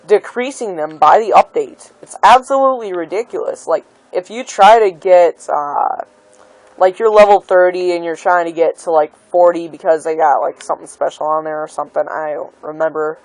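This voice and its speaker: A woman's voice: fairly low pitch, normal speed, no echo, poor audio. Exasperated woman ranting, dry close sound. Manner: exasperated, heated complaining with many "like" and "um" fillers. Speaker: gaming video maker. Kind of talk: opinion rant to camera.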